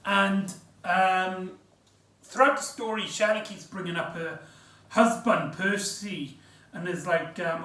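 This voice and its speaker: A man's voice: high voice, slow, a bit bright. A man casually reviewing an audio drama, rambling with lots of ums and restarts. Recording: echoey room, far from mic.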